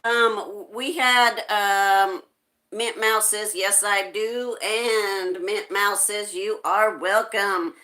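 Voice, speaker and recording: A woman's voice: mid-range voice, steady tone, very slow, sharp tone. A woman hosting a casual live stream, greeting viewers by name and reading their chat messages aloud.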